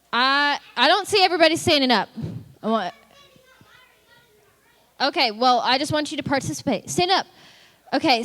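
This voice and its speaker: Bright, high woman in an echoey hall. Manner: eager, encouraging. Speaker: children's ministry leader. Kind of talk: leading a kids' church lesson.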